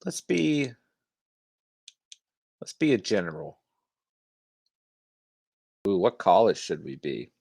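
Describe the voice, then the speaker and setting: A young man hosts a live stream, answering viewer chat in a relaxed, easygoing way. His voice sits very low with a gravelly edge. The sound is close and dry. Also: unhurried, long pauses, no room sound. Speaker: host.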